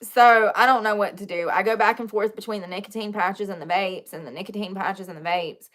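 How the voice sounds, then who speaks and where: A woman's voice: medium pitch, brisk, fairly bright tone, slight background noise. A young woman chatting casually with viewers while doing her makeup, joking and confessional, laughing often. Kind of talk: casual live-stream chat.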